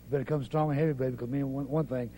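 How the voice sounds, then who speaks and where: A man speaking as a confident pro wrestler, rattling off his words very fast. His voice is mid-pitched and mellow, with a faint hum behind it. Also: fairly even intonation. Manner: confident, rapid.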